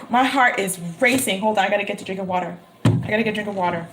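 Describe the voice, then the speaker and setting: A woman giving a live-streamed tarot reading, talking emphatically and repeating her phrases with excitement. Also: medium pitch, fast, slight background noise. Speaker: tarot reader.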